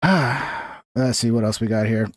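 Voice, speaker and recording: A man's voice: medium pitch, slow pace, dry recording, studio quality. A man hosting a livestream, talking in a blunt, profane, rambling way. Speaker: livestream host. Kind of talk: casual livestream commentary.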